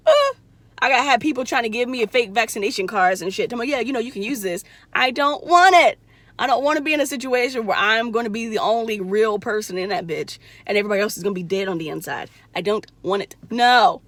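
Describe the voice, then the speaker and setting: Young woman, vlogger, casual storytelling, blunt, profane, slightly high voice, dry sound. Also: dry recording. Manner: blunt, profane, animated retelling with quoted voices.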